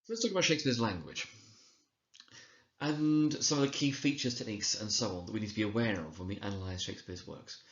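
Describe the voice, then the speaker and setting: A low-voiced man talks through a recorded lecture in a measured, explanatory way and reads quotations slowly for effect. The recording is roomy and a little dull. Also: animated, fairly bright tone. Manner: explanatory, measured, with occasional slips and restarts; reads quoted lines slowly and dramatically. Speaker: teacher trainer.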